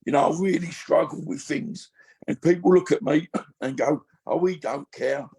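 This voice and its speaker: A man's voice: fairly high pitch, normal speed, a little mellow, husky. A man in his fifties, a podcast guest speaking candidly and emotionally in a rambling, casual way. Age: 50s. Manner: rambling, emotional, full of you-knows.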